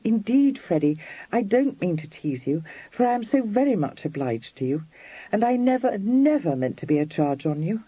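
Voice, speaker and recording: Guy doing a breathless young regency lady, pleading, husky, dry dull audiobook sound. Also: high-pitched, very animated, moderate pace, no echo, voice pushed up, full character voice. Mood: earnest. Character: earnest young Regency lady, impulsive and anxious.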